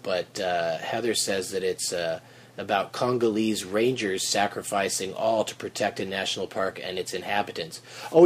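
A man hosting a podcast, chatting casually in a relaxed, rambling way with many fillers. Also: on the low side. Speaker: podcast host.

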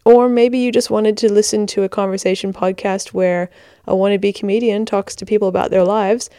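A woman's voice: medium pitch, steady tone, fairly quick, mellow, no echo, clean studio sound. A tired woman in her twenties with a hybrid American-Australian accent, hosting a casual podcast, giggly and self-deprecating, recorded in a bedroom blanket fort. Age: 20s. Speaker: podcast host.

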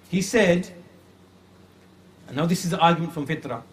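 Male religious teacher, slightly high voice, earnest and repetitive, faint hiss behind. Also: expressive. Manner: earnest, repeats phrases for emphasis, slows to stress points. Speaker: Islamic creed teacher. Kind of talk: religious lecture retelling a classical story.

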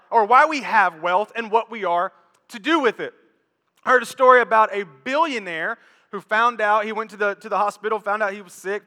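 A man preaching a sermon in an animated, joking, repetitive way, in a church. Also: high voice. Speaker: pastor. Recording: echoey church hall.

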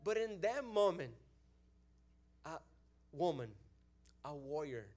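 Brazilian-accented man preaching an animated testimony. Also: a little high, slow. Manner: animated storytelling, swings from hushed prayer to loud praise. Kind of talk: testimony sermon.

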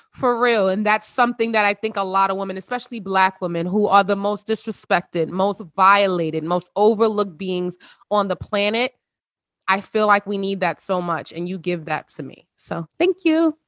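A woman hosts a casual conversation with close friends over a video call. She talks in a heartfelt, emotional way and laughs often. Her voice sounds dry and close, at a middle pitch. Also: lively intonation, normal speed, dry recording. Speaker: podcast host.

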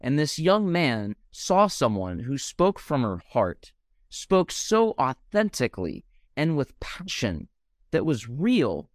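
Young man, podcast host, lively swinging delivery, dry close mic, fervent and heartfelt. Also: medium pitch, slow pace, no room sound. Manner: passionate, heartfelt, animated. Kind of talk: podcast interview.

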